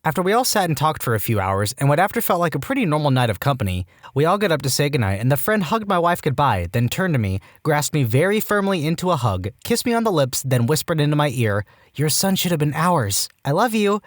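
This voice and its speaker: A man reading reddit stories aloud with animated delivery and wry asides. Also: fairly high pitch, fast, few pauses, no echo, clean studio sound. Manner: animated, jumps into quoted voices with wry asides. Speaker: storytime narrator.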